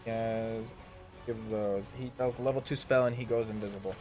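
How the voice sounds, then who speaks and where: A man narrating a live tabletop game as game master, halting often with ums and restarts. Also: lowish voice, fairly even intonation, darkish tone, soft background music.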